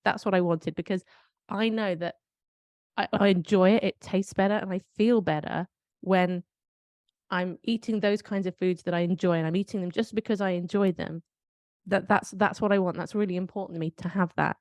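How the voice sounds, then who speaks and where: Reflective British woman, lower voice, dry sound. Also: fairly even intonation, normal speed, darkish tone, no room sound. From United Kingdom. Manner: reflective, storytelling with self-questioning asides. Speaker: podcast co-host. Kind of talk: casual conversational chat.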